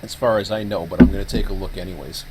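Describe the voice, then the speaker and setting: A man's voice: low voice, fairly even intonation, fast, heavy background noise. A man hosting a live stream who explains a setup casually, thinking aloud with plenty of fillers. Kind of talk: casual screen-share explanation.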